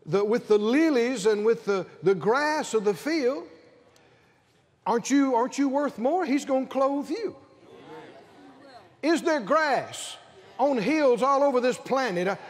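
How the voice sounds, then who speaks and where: Older southern preacher guy, high lively voice, drawls slow then shouts. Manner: calls for congregation responses, rises to shouting. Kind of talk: sermon. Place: large convention hall with congregation.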